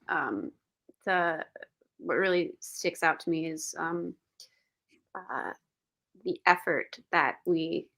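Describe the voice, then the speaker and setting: A woman on a video call, speaking in a soft, hesitant way with many pauses and fillers. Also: on the low side. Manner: slow, hesitant, soft-spoken. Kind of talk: casual talk, video call town hall.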